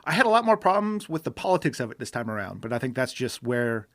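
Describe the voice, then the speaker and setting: A man's voice: mid-range voice, sing-song, fast talker, a bit bright, no room sound. A man co-hosting a podcast, chatting casually and rambling with many restarts. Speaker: podcast co-host. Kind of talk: casual chat.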